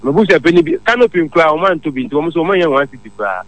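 A man's voice: on the high side, animated, racing, a bit bright, poor audio. A man calling in to a radio show and telling a long, rambling story. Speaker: caller. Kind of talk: phone-in chat.

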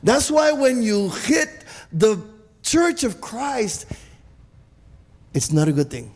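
High-voiced preaching man in a hall. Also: slow pace, breathy edge. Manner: animated preaching with many restarts and repeated "Amen?". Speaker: pastor. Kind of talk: sermon. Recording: echoey hall with long reverb.

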